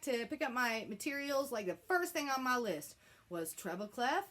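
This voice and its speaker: Young woman music teacher, slightly high voice, chatty and playful with kids. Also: animated, normal speed, a bit bright. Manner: chatty, playful, coaxing the class to repeat words. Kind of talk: remote music lesson to children.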